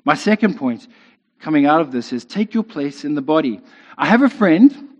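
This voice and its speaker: A man's voice: fairly high pitch, sing-song, moderate pace, darkish tone. A man preaching a sermon in a conversational way, often checking in with "right?". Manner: conversational, keeps asking "right?". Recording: dull lo-fi sound with long reverb in a hall.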